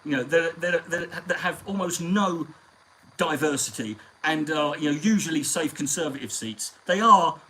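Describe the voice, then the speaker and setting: A man's voice: on the high side, animated, normal speed, pushed and bright, a little hiss or hum, poor audio. Foul-mouthed Englishman rambling on stream. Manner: profane, rambling storyteller. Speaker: live stream host. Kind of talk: casual anecdotal chat. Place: at home on a live stream.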